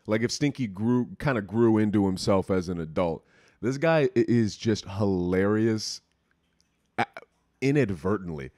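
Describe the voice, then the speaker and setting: A man's voice: lowish voice, unhurried, darkish tone, no room sound. A young man hosting a podcast, chatting candidly and rambling with casual swearing into a close mic. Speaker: podcast host. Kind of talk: casual chat.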